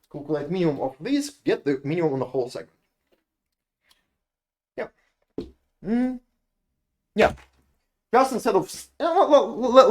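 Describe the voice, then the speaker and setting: Russian-accented man lecturing with lively pitch. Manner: restarts and repeats words while working through examples. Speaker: university lecturer. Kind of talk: live lecture explaining code.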